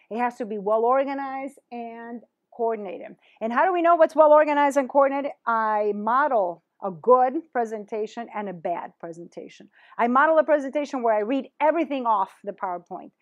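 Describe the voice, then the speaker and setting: A woman's voice: a little high, moderate pace, hardly any pauses, dull audio. A woman presenting a teacher-training workshop, talking animatedly and dropping in Spanish phrases.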